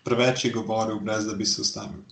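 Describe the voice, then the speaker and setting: A man's voice: on the low side, level tone, gravelly, fairly bright tone. Hesitant male language learner. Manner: hesitant, halting translations. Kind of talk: repeating phrases in translation.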